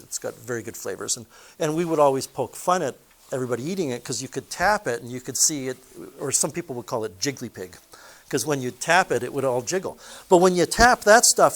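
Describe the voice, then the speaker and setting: A man teaching a physics lesson in a chatty way, putting questions to his listeners and adding personal stories. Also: medium pitch. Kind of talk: recorded classroom lesson.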